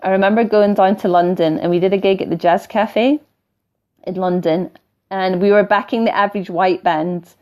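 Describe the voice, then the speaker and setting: A middle-aged woman with a softened Scottish accent, talking casually on a live stream as a spiritual teacher, wandering off topic and laughing now and then as she coaches viewers. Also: medium pitch, steady tone, normal speed, dull audio. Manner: chatty and digressive, laughing often, coaching tone. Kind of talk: live-stream talk, reading viewer comments.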